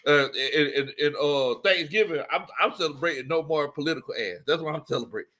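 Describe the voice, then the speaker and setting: Male stream host, higher voice, lively, laughs a lot, greets viewers by name. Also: a little fast. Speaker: sports talk host. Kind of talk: casual live-stream chat.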